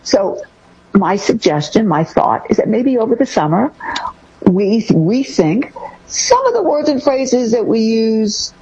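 A woman co-hosting a casual talk show, giving parenting advice in an animated way and acting out things parents say. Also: on the high side, measured pace, slightly rough, dull audio. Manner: animated, acts out parent phrases. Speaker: co-host giving parenting tips.

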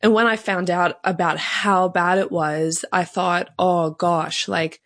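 A woman's voice: on the low side, a little slow, a bit bright, no room sound, studio quality. A woman from Canada, telling her story in an earnest, fluent way as an interview guest. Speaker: guest, pro-life advocate. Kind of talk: interview conversation.

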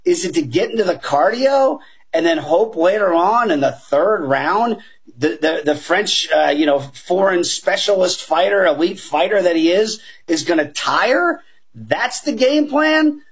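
A middle-aged man giving energetic, emphatic betting picks on a sports talk show, often calling the others "guys.". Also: high-pitched, a little slow, breathy edge. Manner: energetic, emphatic, keeps addressing the panel as guys.

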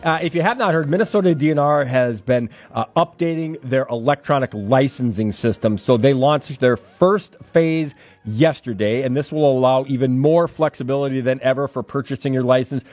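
A man hosting a morning radio show, chatting and reading updates in a brisk, upbeat announcer manner. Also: medium pitch, darkish tone. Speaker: radio host. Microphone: studio microphone. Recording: slightly dull, dry radio studio sound.

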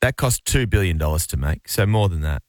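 A man's voice: deep voice, animated, fairly quick, no echo. A man co-hosting breakfast radio, playful and mock-shocked in casual banter. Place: radio studio. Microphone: studio mic.

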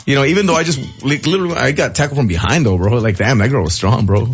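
Husky fast-talking man. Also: medium pitch, highs cut off, soft background music. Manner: storytelling, animated, slangy. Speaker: podcast co-host. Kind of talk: casual chat.

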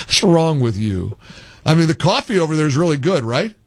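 An older man hosting a call-in radio show, his voice rising and falling in big animated swings, often exasperated and joking with callers. The sound is dry and close, straight from a studio mic. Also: fairly high pitch, no echo. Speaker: radio talk show host.

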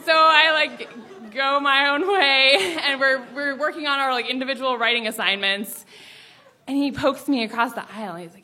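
A young adult woman telling a personal story, animated, laughing often and acting out the people in it. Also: high-pitched, normal speed. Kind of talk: personal story told to an audience.

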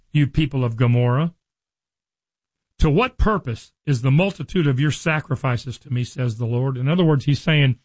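Earnest preacher, dry close sound. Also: male voice, fairly high pitch, no echo, low-quality recording. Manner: reads scripture slowly, then comments in a conversational, earnest tone; addresses listeners directly. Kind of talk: sermon with scripture reading.

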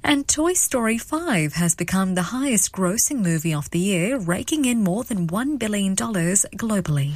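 A woman reading a scripted radio news bulletin in a measured, crisp delivery into a studio microphone. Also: mid-range voice, animated, a little mellow. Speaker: newsreader.

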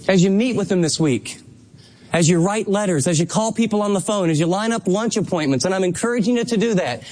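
Impassioned high-voiced male preacher. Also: a little mellow. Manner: impassioned, emphatic preaching with rising pitch on exhortations. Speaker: pastor. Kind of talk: sermon.

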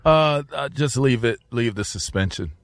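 A man talking on a casual podcast, his voice in an even middle register. He circles his point, repeating words and restarting sentences. The sound is dry and close, with no room around it. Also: mid-range voice, moderate pace, gravelly, no echo. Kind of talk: casual debate chat.

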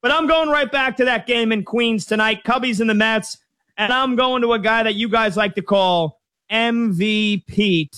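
A man hosting a casual sports show with upbeat, quick patter. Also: high voice, steady tone, sharp tone.

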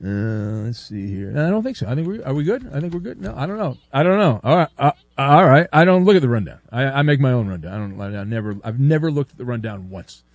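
A man's voice: medium pitch, sing-song, fast talker, few pauses, no room sound, highs cut off. A man hosting a sports talk show, rambling casually and mocking players with sarcastic outbursts. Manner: rambling, sarcastic, mocks with shouted bursts.

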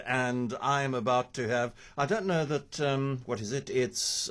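A man's voice: mid-range voice, unhurried, few pauses, fairly bright tone. A man hosting a radio show, chatty and enthusiastic, talking in the studio. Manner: chatty, laughing, enthusiastic about food. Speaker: radio host. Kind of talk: radio talk show chat.

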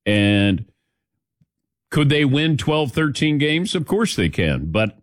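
Lively chatty male sports radio host. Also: on the high side, slow pace, no echo, clean studio sound. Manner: chatty, storytelling, laughs often. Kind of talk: casual sports talk. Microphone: studio mic.

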